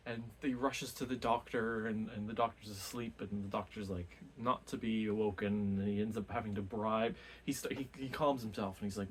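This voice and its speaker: A man's voice: mid-range voice, steady tone, normal speed, slight background noise. A man casually talking through a book he read, rambling with many restarts and fillers. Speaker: book reviewer.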